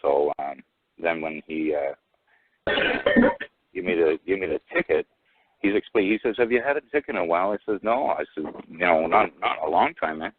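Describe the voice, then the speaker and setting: A man telling a rambling personal story over the phone, halting with many restarts and fillers. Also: deep voice, expressive, husky. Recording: tinny phone line, dry.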